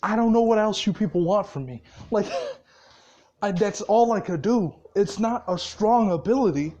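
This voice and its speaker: A storyteller voicing a teenage boy who has just killed many people, speaking low and matter-of-fact, as quoted lines in a casual spoken story. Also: lively intonation, moderate pace, mellow, dull audio, close to an everyday voice. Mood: defensive.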